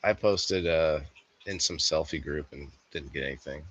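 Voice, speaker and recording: A man's voice: very deep voice, moderate pace, a bit bright, dry recording, highs cut off. A man co-hosting a podcast, joking and chuckling in casual chat. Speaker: podcast co-host.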